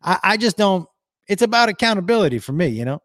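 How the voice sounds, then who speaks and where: A man's voice: high-pitched, sing-song, fast talker, a bit bright, no room sound, clean studio sound. A middle-aged man ranting on a casual livestream, telling a story and reading viewer comments with blunt, profane emphasis.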